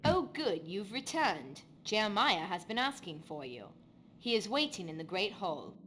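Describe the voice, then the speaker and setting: A woman's voice: medium pitch, big pitch swings, moderate pace, a bit bright, a little hiss or hum. An actress voicing a polite woman servant of a haunted manor in a game, speaking in a prim, formal way.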